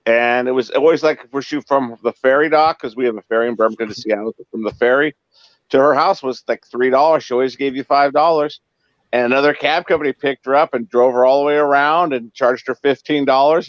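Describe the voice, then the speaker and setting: A man's voice: mid-range voice, no room sound. A man telling casual stories in a chat, acting out the lines of the people in them. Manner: animated, acts out dialogue in quotes. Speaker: co-host, former cab driver. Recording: dull lo-fi dry sound.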